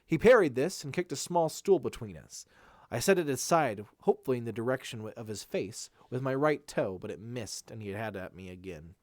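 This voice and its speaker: A man's voice: medium pitch, expressive, fairly quick, no echo, studio quality. A man reading a fantasy novel aloud in first person, with occasional slips and retakes. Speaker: amateur audiobook reader.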